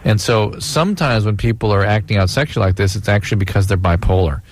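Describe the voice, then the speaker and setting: A man acting as the doctor co-host of a call-in radio show, giving calm, clinical explanations. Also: on the low side, fast talker.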